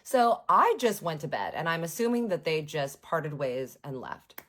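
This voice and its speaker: A woman telling a personal story in a casual, animated, sarcastic way, with frequent swearing. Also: low voice, moderate pace. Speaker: vlogger.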